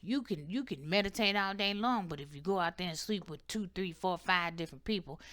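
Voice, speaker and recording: Emphatic, bright-voiced tarot reader woman. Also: mid-range voice, lively intonation, normal speed, dry recording, studio quality. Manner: emphatic, preachy, repeats "okay?" often. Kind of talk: casual spiritual advice monologue.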